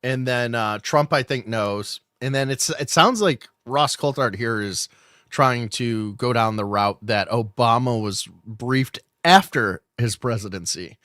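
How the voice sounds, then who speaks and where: A man's voice: mid-range voice, unhurried, a bit bright, no room sound, clean studio sound. A man hosting a casual podcast, musing aloud about news in a conversational, trailing way. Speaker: podcast host.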